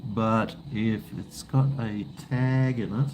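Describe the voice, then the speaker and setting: A man's voice: on the low side, fairly even intonation, takes it slowly, a little mellow, slight background noise. A middle-aged Australian man chatting casually on a live stream while drinking beer, rambling, joking and swearing freely.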